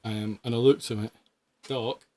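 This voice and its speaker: A man in his fifties tells work stories in a bright, clear voice at an ordinary pitch. He is animated, laughs often and swears freely. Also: normal speed. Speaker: paramedic guest. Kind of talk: casual anecdote telling.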